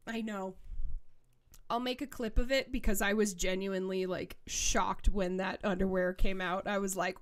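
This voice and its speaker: A woman's voice: mid-range voice, steady tone, measured pace. A young woman streamer reading a dating game aloud and adding giggly, teasing, sarcastic asides.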